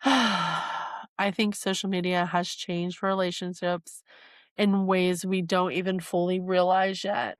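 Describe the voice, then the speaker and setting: Soft-spoken woman sharing personal grief. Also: on the low side, dry recording, clean studio sound. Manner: emotional, halting, with sighs and pauses. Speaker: podcast host. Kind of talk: reflective personal storytelling.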